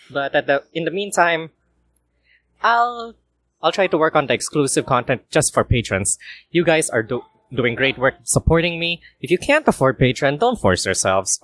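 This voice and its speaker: A man with a worn-out, hoarse voice casually reading a visual novel aloud for a let's play, with apologetic asides. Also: a little high, fairly bright tone. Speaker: gaming YouTuber.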